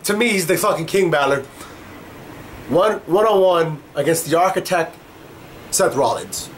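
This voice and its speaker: A young man with a fairly high voice rants at full heat, swearing hard and hammering his points home. He talks like a vlogger dissecting wrestling shows. There is a faint hum behind him. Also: expressive, unhurried. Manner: profane, heated, emphatic. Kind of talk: ranting commentary.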